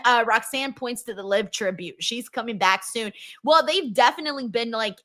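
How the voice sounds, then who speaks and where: Bright-voiced woman hosting a wrestling live stream. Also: a little high. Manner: emotional, swears, reads chat messages aloud. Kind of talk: casual live-stream chat reading viewer comments.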